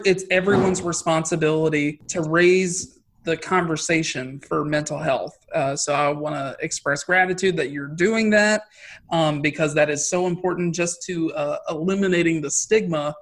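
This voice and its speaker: A man interviewing a guest, who thanks her warmly and asks his questions with frequent hesitant fillers. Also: a little high, moderate pace. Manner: warm and appreciative, with hesitant fillers.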